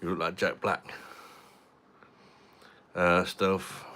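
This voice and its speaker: Slow, low-voiced man. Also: bright, forceful tone, slight background noise. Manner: laid-back, jokey, drinks and reviews beer. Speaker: livestream host. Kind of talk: casual livestream chat, reading out viewer comments. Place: home live stream.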